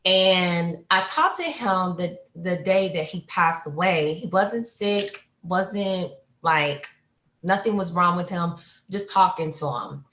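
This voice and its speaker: Low-voiced woman telling family memories. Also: slow, echoey room. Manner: animated, leaps high when quoting herself. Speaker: panelist. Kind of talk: personal storytelling.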